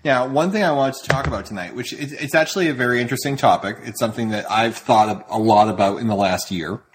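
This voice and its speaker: A man's voice: mid-range voice, fast talker, music in the background. A man hosting a casual podcast who rambles, restarts and interrupts himself as he talks. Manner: rambling, self-interrupting storyteller. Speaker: podcast host. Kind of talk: casual chat.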